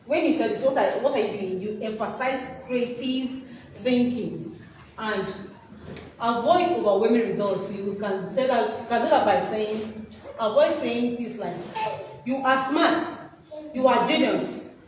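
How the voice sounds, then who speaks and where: In this interactive teaching talk, a woman quizzes her workshop listeners with prompts for them to finish. Her voice is a little high and a little mellow, her pace measured, and the recording comes from a distant mic in an echoey hall with background noise.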